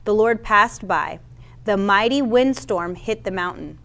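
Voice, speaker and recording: A woman's voice: mid-range voice, animated, a little slow, creaky, a bit bright. Woman preaching and reading scripture. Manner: reads scripture aloud, stumbles on names, casual asides. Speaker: Bible teacher. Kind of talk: sermon with Bible reading.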